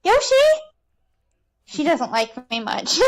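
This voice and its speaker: Female podcast co-host, high voice, chatty and offhand, recording at home. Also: poor audio. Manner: chatty, trails off, quick asides. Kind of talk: casual podcast chat. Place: home with pets.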